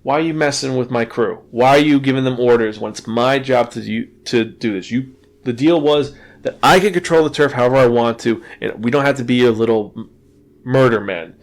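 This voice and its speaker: An angry young gang leader, as a podcast host puts him on, swearing and confronting others. The voice stays at an ordinary middle male pitch. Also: a little fast, lightly acted.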